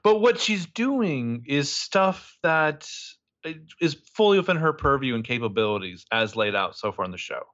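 A man with a mid-range voice co-hosts a casual podcast, animated and joking. His audio is somewhat dull and lo-fi. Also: medium pitch, normal speed. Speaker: podcast co-host recapping a TV show. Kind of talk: casual chat.

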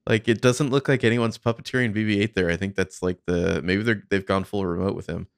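A man with a very low, gravelly voice talks through film footage in a loose, casual way. He swears freely and fills his thoughts with "like" and "uh". The recording is dry and close. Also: steady tone, fairly quick, no echo. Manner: casual, swearing, thinking aloud with fillers. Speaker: podcast co-host.

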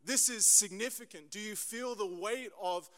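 A young man preaching a sermon, telling a personal story with animated repetition for emphasis. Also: sits high, normal speed, in a large hall. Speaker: pastor.

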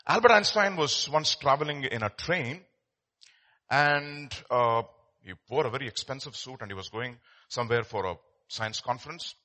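A man's voice: medium pitch, moderate pace, pushed and bright. A man preaching a sermon as pastor, telling stories in a conversational way with many fillers and restarts.

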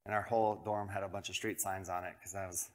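A man who grew up in Colorado, a pastor preaching a sermon through a lively, self-deprecating personal story, acting out the voices of the people in it. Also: sits low, quick pace. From Colorado, United States. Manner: animated, self-deprecating, acts out quoted voices.

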